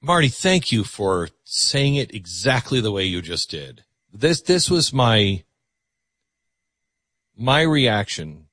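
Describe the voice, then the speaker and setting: A man hosting a call-in radio show from a dry studio, his low, husky voice swinging lively up and down. He talks in an earnest, reflective way, often stammering and restarting. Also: takes it slowly, no room sound. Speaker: radio talk show host.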